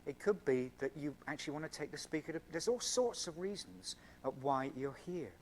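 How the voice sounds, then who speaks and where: A man's voice: on the high side, expressive, brisk, a little hiss or hum. Earnest man giving a lecture. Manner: earnest and explanatory, stressing key words with everyday examples. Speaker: scientist giving an evening talk to a student Christian group. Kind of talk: public lecture. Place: university event room.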